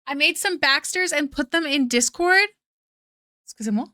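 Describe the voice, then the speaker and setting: A woman's voice: high voice, moderate pace, pushed and bright, no echo, clean studio sound. Bubbly young woman streaming her drawing. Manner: bubbly, self-deprecating, gushing. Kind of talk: casual live-stream chat while drawing.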